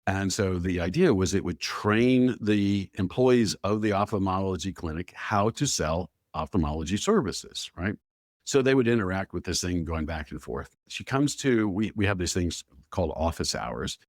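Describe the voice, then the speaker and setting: A man being interviewed as an expert guest, telling stories in an animated way and acting out the dialogue he quotes. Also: deep voice, moderate pace, dry recording, clean studio sound. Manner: animated storyteller who acts out quoted dialogue, with filler "blah, blah". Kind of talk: conversational podcast interview.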